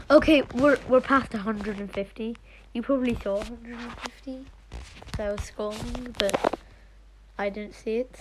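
A woman's voice: a little high, noisy background. A woman giving casual, giggly gameplay commentary, muttering half to herself as she scrolls through a game. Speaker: gaming streamer.

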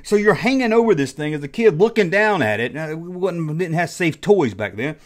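Animated, jokey middle-aged man. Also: on the high side, normal speed. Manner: animated, jokey, acts out childhood reactions. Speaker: host. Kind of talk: casual nostalgic vlog.

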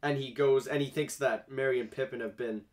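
A man's voice: medium pitch, steady tone, brisk, darkish tone. A young man hosting a casual podcast, rambling through anecdotes with easy laughter and many fillers. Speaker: podcast host. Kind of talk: casual chat.

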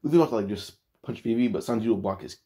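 A man's voice: medium pitch, fast talker, dark tone. A man casually retelling an anime fan story, rambling with lots of "like" and frequent restarts.

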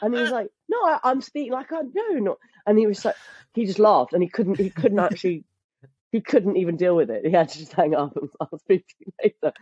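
A woman's voice: lowish voice, quick pace, breathy edge, no room sound. A woman in her thirties, a guest on a podcast, who tells stories with lots of laughter and restarts her sentences. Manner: animated storyteller, laughs often, restarts sentences. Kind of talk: casual chat. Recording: dull lo-fi dry sound.

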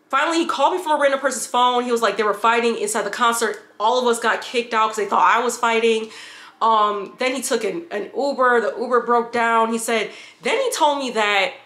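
Bright-voiced woman telling a candid story. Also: fairly high pitch, fairly quick, roomy sound. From upstate New York. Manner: candid, rambling, swears freely. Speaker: vlogger. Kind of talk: casual storytime vlog.

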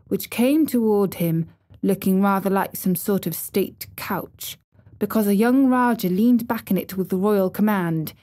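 A woman narrating an audiobook in a slow, deliberate reading style. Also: mid-range voice, mellow. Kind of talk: scripted narration.

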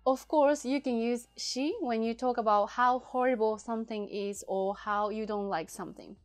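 A woman whose first language is Japanese, teaching a casual language lesson and patiently repeating example phrases slowly and clearly. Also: a little high, fairly even intonation.

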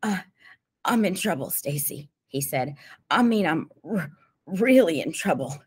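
A woman voicing a frightened, injured teenage boy who pleads and stammers in gasping, halting whispers. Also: low-pitched, lively intonation, slightly rough, exaggerated voice. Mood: pained.

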